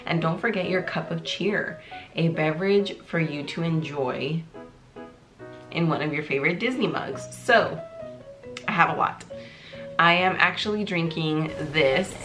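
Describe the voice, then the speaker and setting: A woman's voice: low voice, unhurried. A woman hosting her own video in a bubbly, jokey casual chat, full of little fillers. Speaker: YouTuber host. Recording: clear background music under the voice. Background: music playing in the background.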